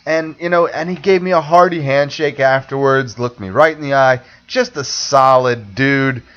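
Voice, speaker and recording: A man on a podcast spins a rambling, animated story in casual chat, slipping into quoted voices and cursing along the way. His voice sits at an ordinary pitch. The audio is muffled and lo-fi. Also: moderate pace, clean tone. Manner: rambling, animated anecdote with acted-out quotes and swearing. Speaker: podcast co-host. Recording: dull lo-fi audio.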